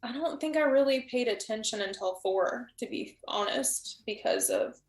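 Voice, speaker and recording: A woman's voice: on the high side, animated, moderate pace, roomy sound. A woman talking casually as a guest on a live stream, thinking aloud and often restarting her sentences.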